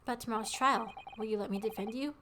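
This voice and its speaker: A woman's voice: on the high side, fast talker, noisy background, close to an everyday voice. A woman voicing a polite young male defense lawyer, reading earnestly in her own voice.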